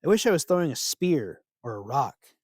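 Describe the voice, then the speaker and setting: A man's voice: mid-range voice, very animated, moderate pace, darkish tone, husky, no echo, clean studio sound. A man voicing a strong blind young god who sounds wistful and left out. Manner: wistful, plaintive.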